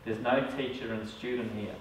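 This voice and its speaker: A man's voice: mid-range voice, fairly even intonation, normal speed, slight background noise. A man, a psychic medium, talking casually to a group and often checking in with "all right?". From Australia. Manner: conversational, keeps asking "all right?". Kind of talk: casual talk to a small group. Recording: echoey room, mic far off.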